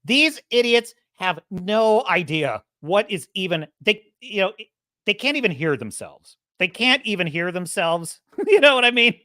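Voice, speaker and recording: A woman's voice: medium pitch, big pitch swings, measured pace, pushed and bright, dry recording, studio quality. A woman hosting a show, ranting casually and sarcastically, laughing often and doing mocking impressions. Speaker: show host. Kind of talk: casual commentary rant.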